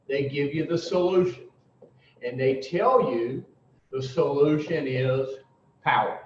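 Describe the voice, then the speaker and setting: A man teaching the twelve steps of recovery to a group, emphatic and blunt, with long pauses and the odd curse. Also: mid-range voice, slight background noise. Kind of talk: informal recovery talk to a group. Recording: roomy, distant, dull lo-fi sound.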